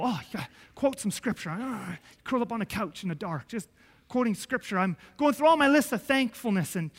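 A man preaching an emotional sermon in a high, bright voice that rings through a hall with a long reverb. He tells a personal story, dropping to a hush, then climbing to loud, pleading outbursts. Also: animated, quick pace. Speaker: pastor.

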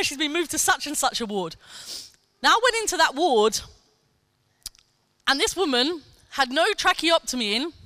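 A woman preaching a sermon, telling a personal testimony in an animated way and acting out quoted lines. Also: high-pitched, dry recording. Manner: animated storytelling, acts out quotes, laughs often.

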